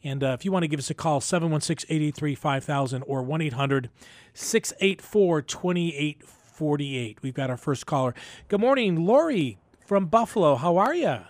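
A male radio host with a slightly higher voice chats in an upbeat, loose way and drops in joking asides. The sound is dry and close to the mic. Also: animated, moderate pace, no room sound. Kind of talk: Christian call-in radio show.

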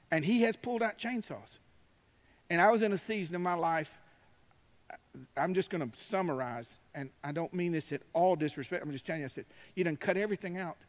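High-voiced preacher in a reverberant hall. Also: male voice. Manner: emphatic, rising to shouts, drawling asides. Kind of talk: sermon.

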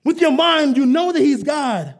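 High-voiced emphatic male preacher. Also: expressive, normal speed. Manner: emphatic, rising to shouts, joking with the congregation. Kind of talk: live sermon with call and response.

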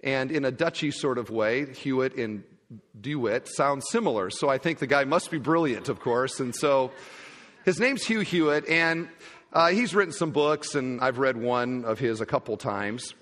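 A pastor preaching a sermon in a church, animated and given to acting out little conversations. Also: male voice, medium pitch, normal speed. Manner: animated, acts out little dialogues. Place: church sanctuary. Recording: long hall reverb.

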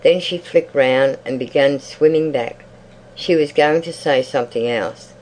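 A reader narrating a literary short story in a measured, even audiobook style. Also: medium pitch, a little hiss or hum, low-quality recording.

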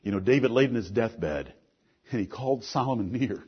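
A middle-aged man preaching a sermon, earnest, moving between soft asides and forceful lines. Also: mid-range voice, expressive, brisk, slightly rough, highs cut off.

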